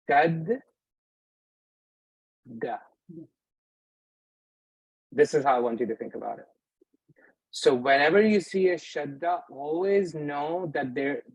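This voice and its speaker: A man's voice: medium pitch, darkish tone, slightly rough, no echo, rough recording. A man teaching beginners in a live class, patient, often checking that his students follow. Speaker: Arabic teacher. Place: mosque classroom.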